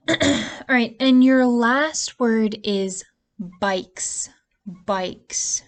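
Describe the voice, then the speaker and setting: Slow, patient woman teaching spelling. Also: mid-range voice, steady tone. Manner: slow, patient, stretches out vowel sounds. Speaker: early-years teacher. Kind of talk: remote spelling lesson for young children.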